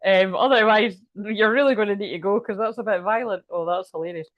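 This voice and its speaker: A woman's voice: mid-range voice, fairly quick, no echo, lo-fi sound. A woman doing casual live-stream chat as a spiritual reader, telling a rambling story full of swearing.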